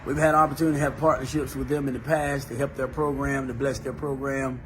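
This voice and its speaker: A man's voice: medium pitch, little pitch movement, fast, fairly bright tone, a little hiss or hum. A man, a motivational speaker telling a story in a repetitive, preacher-like cadence. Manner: emphatic. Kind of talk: storytelling talk.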